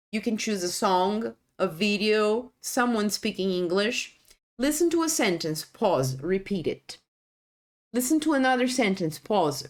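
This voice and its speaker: Animated woman teaching English. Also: a little high. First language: Portuguese. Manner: animated, models sentences with exaggerated rising intonation.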